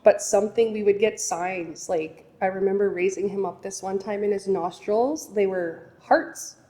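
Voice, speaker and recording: A woman eagerly breaks in to add her part to a story during a teaching session. Her tone is warm and low-key, and the sound carries a long hall reverb. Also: normal speed. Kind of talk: conversational storytelling.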